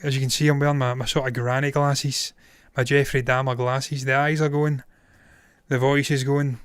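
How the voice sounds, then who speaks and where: Flat in delivery, mid-range and smooth, this man in his thirties talks at normal speed in casual live-stream chat as a film reviewer and live-streamer. He gives blunt, opinionated verdicts and swears freely, his voice tired and strained from a long stream, in a dry, close recording with no room around it.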